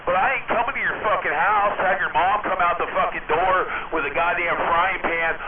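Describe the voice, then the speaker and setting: A man with a raised voice taunts and insults a rival over CB radio, boastful and profane. His voice is thin and phone-like, buried in loud hiss and crackle. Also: high-pitched, fairly even intonation, normal speed. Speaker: CB radio operator. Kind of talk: heated on-air argument. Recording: tinny radio with loud static.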